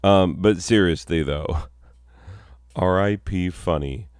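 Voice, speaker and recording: A man's voice: sits low, slow, no echo, clean studio sound. A man performing a solo comedy sketch, rambling and self-mocking, breaking into mock-outraged bursts.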